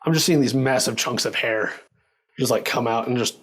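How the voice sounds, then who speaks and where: Male storyteller, mid-pitched, animated casual delivery, lots of fillers. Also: normal speed, a little hiss or hum. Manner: animated, acts out quoted lines, filler-heavy; laughs while telling.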